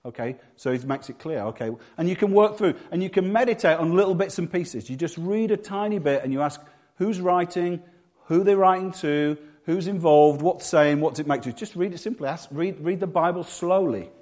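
Brief: English male preacher, higher pitch, jokey, mimics voices mid-sermon. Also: fairly quick, darkish tone. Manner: humorous, acts out voices and quotes.

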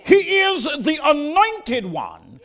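A man's voice: very high voice, huge pitch swings, slow, a bit bright. An older man, preaching a sermon in a folksy manner that rises to emphatic declarations.

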